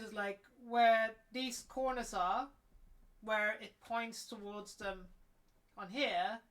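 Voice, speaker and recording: A woman's voice: mid-range voice, a bit bright. A woman chatting casually while she works on a craft build, thinking aloud and trailing off, with the hiccups. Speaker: cosplay crafter streaming her build. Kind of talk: casual working commentary.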